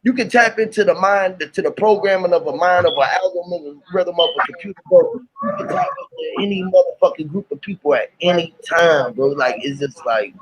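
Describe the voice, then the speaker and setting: A man hosting a live panel by phone, talking in an animated, slangy, rambling way and laughing often. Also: high-pitched, fairly quick, slight background noise, low-quality recording. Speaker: host of live open panel. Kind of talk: casual live chat.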